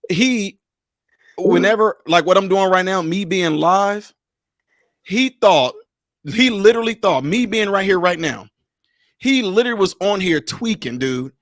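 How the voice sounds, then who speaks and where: A man hosting a livestream, telling stories in a lively, casual way and laughing often. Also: high-pitched, a little slow, no echo, studio quality. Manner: animated storyteller, laughs often. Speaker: livestream host.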